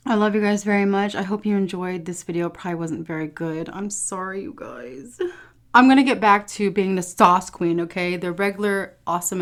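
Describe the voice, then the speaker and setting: A tired woman talking candidly to her viewers in a casual home food vlog, swearing freely and often saying "you guys". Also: lowish voice. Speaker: food vlogger.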